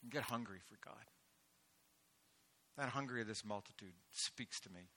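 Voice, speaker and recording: A man preaching a sermon, swelling into loud, emphatic delivery with rhetorical questions. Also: fairly low pitch, moderate pace, vocal fry. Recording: echoey hall with long reverb.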